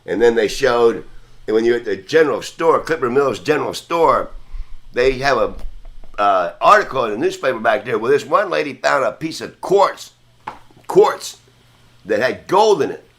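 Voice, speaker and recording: A man's voice: mid-range voice, expressive, moderate pace, fairly bright tone. A man hosting a podcast, telling a long story in a casual, rambling, profane way. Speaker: podcast host.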